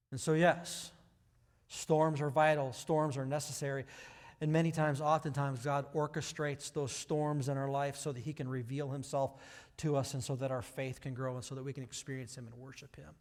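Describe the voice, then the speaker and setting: Male pastor, sermon, fairly high voice, echo of a large hall. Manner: conversational preaching that builds to loud, emphatic passages. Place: church sanctuary. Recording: hall reverb.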